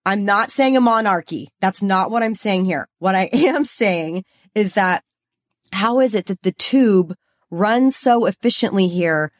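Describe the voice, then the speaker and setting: A woman's voice: mid-range voice, animated, a little slow. A young woman from Los Angeles co-hosting a podcast, talking in a bubbly, chatty way and saying "like" a lot. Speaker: podcast co-host. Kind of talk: casual chat.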